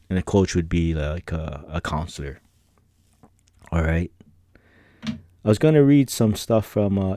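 A man's voice: low voice, dark tone, no room sound, clean studio sound. A middle-aged man hosting a podcast, telling personal stories in a laid-back, rambling way with slang and frequent laughter. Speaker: podcast host. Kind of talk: casual personal storytelling.

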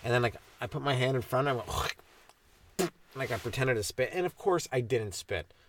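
A man's voice: mid-range voice, animated, normal speed, a little hiss or hum. A man from Ontario, hosting a comedy podcast in a rambling, crude, ironic monologue that keeps interrupting itself. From Ontario, Canada.

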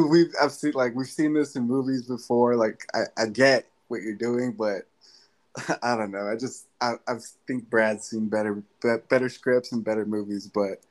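A man's voice: medium pitch, rough recording. A man co-hosting a casual movie podcast, giving wry critiques with short laughs between his remarks. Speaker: podcast co-host. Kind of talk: casual movie review chat.

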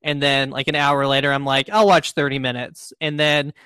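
A man co-hosting a podcast, chatting casually in a relaxed, hesitant way with many fillers. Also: mid-range voice, moderate pace, clear, resonant tone, no echo. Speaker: podcast co-host. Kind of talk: casual chat.

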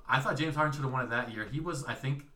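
A young man co-hosting a sports podcast, laid-back and hesitant, sharing opinions with plenty of pauses. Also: medium pitch, a crowd in the background. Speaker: podcast co-host. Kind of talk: casual sports talk.

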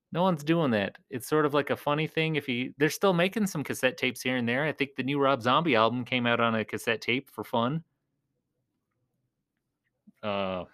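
A man's voice: medium pitch, a bit bright, smooth. A man chatting casually to his viewers while playing a rock video game, joking, self-deprecating and drifting between topics. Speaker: video creator.

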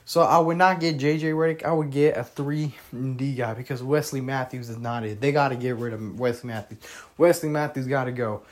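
A young man hosting a casual solo podcast, rambling and opinionated, with many fillers, restarts and some cursing. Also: medium pitch. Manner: opinionated, with frequent mild cursing. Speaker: podcast host.

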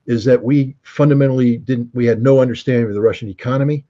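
A man's voice: medium pitch, steady tone, fast, mellow, lo-fi sound. A man giving casual political commentary, emphatic and full of rhetorical questions, often restarting his sentences. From United States.

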